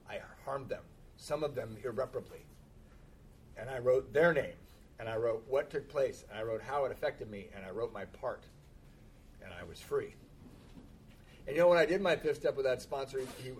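At a recovery meeting, a man with a mid-range voice candidly tells his own story, using self-deprecating humor and laughing frequently. Slight background noise is audible.

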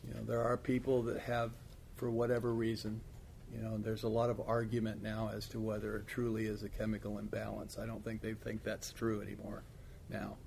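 Gravelly man chatting candidly. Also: lowish voice, completely flat delivery, a little fast, darkish tone, a little hiss or hum. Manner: rambling, filler-heavy, blunt. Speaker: AA sponsor. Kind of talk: casual chat.

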